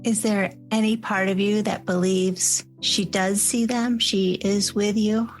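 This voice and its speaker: Woman, podcast host, gentle, encouraging, mid-pitched voice, faint music. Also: fairly even intonation, measured pace. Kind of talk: gentle interviewing.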